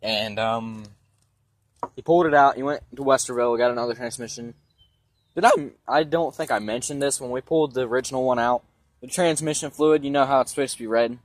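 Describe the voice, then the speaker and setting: A man's voice: medium pitch, fairly quick. A young man tells a long, meandering story about his truck, swearing freely and speaking bluntly. His voice sounds stuffy from sinus trouble. He is recording himself outdoors beside parked trucks with a phone camera. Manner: rambling, profane, blunt. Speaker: vlogger giving a vehicle tour. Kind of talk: casual storytelling.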